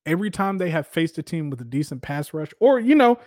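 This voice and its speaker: A man hosting a casual football commentary show, giving opinionated, animated takes with lots of filler words. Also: a little high, quick pace, dry recording, clean studio sound. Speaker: sports podcast host.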